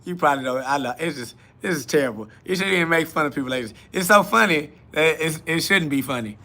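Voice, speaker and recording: Bright-voiced man mocking his chat. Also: on the high side, animated, fast talker. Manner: blunt, mocking, laughs often. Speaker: podcast host. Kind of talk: live solo podcast answering chat questions.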